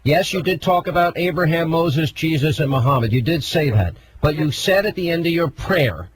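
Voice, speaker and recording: A man with a fairly high speaking voice hosts a tense broadcast interview. He interrupts often and hammers at one question, insisting on a direct answer. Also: animated, a little fast, few pauses, slight background noise, low-quality recording. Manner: pressing, interrupting, demands yes or no. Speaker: TV host, interviewer. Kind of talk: combative TV interview.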